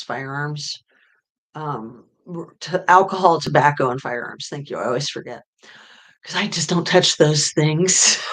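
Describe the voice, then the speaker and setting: A middle-aged woman hosting a true crime livestream, chatting casually with viewers in a rambling way full of fillers. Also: sits low. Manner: rambling, with many fillers and pauses. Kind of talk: casual livestream chat reading viewer comments.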